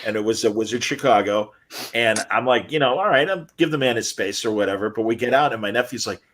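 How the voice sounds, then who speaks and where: A man's voice: medium pitch, fast, slight background noise. A man co-hosting a podcast, telling funny stories in casual chat and acting out the voices of the people in them. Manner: animated storyteller, acts out voices. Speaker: podcast co-host.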